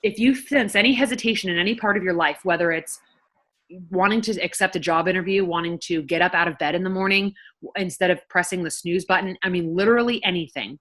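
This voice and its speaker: A woman's voice: lowish voice, quick pace, fairly bright tone. A woman who works as a nurse and health coach, talking frankly and chattily to her viewers, with the odd casual swear. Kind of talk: casual talk to camera.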